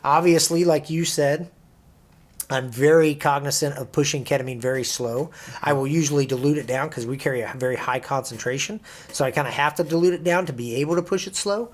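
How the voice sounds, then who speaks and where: A man talking as a firefighter paramedic co-hosting a podcast, relaxed and a bit jokey in casual conversation. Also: a little high, a little fast.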